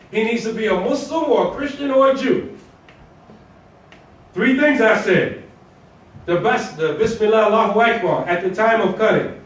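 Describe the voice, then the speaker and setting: A man giving a Friday sermon as imam, preaching in a colloquial, conversational way with rhetorical questions and repetition. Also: sits high. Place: mosque prayer hall. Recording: echoey hall, voice from far off.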